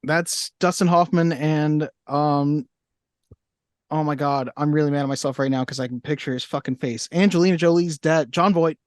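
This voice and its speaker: A man co-hosts a movie podcast with a wry, teasing edge. His voice sits slightly high for a man. The recording is close and dry with no room sound. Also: steady tone, normal speed, no echo. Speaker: podcast co-host. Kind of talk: casual chat.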